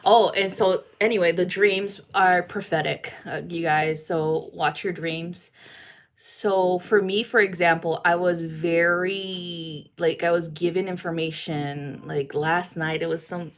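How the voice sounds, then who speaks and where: A woman's voice: fairly low pitch, steady tone, a little slow. A woman psychic reader chatting casually to viewers in a rambling way, with lots of fillers and swearing.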